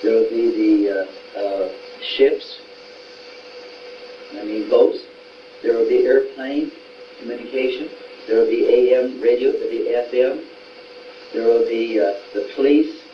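A man preaching in a homespun, folksy way and retelling Bible stories in quoted voices, in a room with a small gathering. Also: medium pitch. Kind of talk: folksy sermon. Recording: roomy, distant, dull sound with faint noise.

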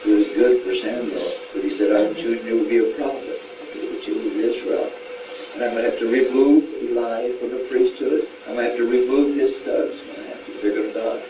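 A man preaches a folksy sermon in a homespun style, retelling Bible stories with quoted voices for a small gathering in a room. His mid-range voice is steady and brisk, and the recording sounds roomy, distant and dull, with faint noise.

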